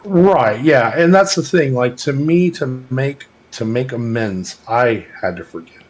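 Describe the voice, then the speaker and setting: A man's voice: mid-range voice, lively intonation, unhurried, rough recording. A man with a Texas accent talking in a casual podcast chat, rambling, heartfelt and full of swearing. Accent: Texan. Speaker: podcast co-host.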